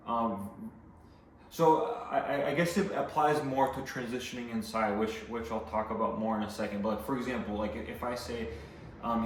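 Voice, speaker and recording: A man's voice: mid-range voice, moderate pace, slight background noise. A man giving casual sales training, rambling with many fillers and restarts. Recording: echoey room, voice from a distance.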